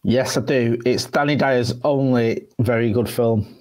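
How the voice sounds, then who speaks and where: A man in his forties co-hosting a podcast, chatting in a jovial, animated way. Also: mid-range voice, measured pace. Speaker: podcast co-host. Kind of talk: casual chat.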